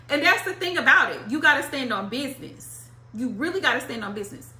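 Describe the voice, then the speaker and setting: A woman talks straight to her viewers about tarot with blunt, emphatic repetition, slang and the odd curse word. Her voice sits high and bright. The room gives it a noticeable echo. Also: animated, quick pace, hardly any pauses. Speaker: tarot reader. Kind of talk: casual monologue to viewers.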